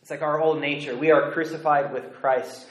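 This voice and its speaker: A man preaching a sermon as a pastor, earnest and deliberate, dropping to a hush on key phrases. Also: on the high side, steady tone, reverberant, poor audio. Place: church sanctuary.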